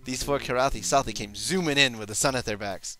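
A man's voice: mid-range voice, brisk, sharp tone, soft background music, natural voice. A man voicing a boisterous old veteran pilot with an Irish brogue, telling a war story. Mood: boastful.

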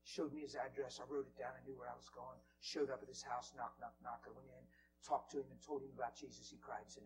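A man preaching in a church, telling a story with animated swings from loud bursts to near whispers. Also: medium pitch, fast, noisy background. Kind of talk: storytelling sermon. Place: church hall.

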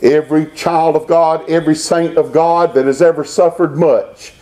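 A pastor preaching a Baptist sermon, rising into emphatic bursts and reading scripture aloud. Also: male voice, on the high side, little pitch movement, moderate pace, warm tone.

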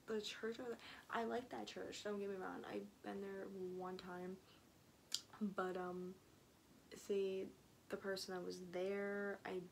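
A young woman talks through a casual video diary in a chatty, rambling way, often sinking into a whisper. Her pitch sits in a middle range. A faint hiss of ambient noise runs under the camera mic. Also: vocal fry, rough recording. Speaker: vlogger.

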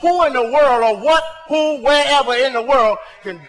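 A male pastor preaching a sermon to his congregation, swinging between soft asides and shouted points, talking to them in a casual, colloquial way. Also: extremely high pitch, normal speed, in a large hall, faint music behind. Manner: colloquial, talks straight to the congregation. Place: church sanctuary.

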